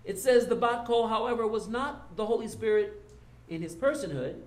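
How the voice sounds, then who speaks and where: Male rabbi, slightly high voice, sermon delivery with swings between loud and soft. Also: expressive, moderate pace, echoey room. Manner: teaching and reading quotations, swinging from loud to soft.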